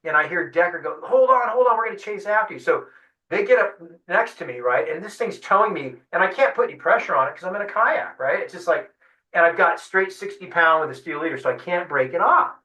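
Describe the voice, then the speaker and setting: Interviewed as a guest, a fly-fishing guide recounts a fishing adventure with lively energy, playing out every character's voice. He talks a little fast in a bright, forceful voice on the high side, heard from a distant mic in a room with plenty of echo.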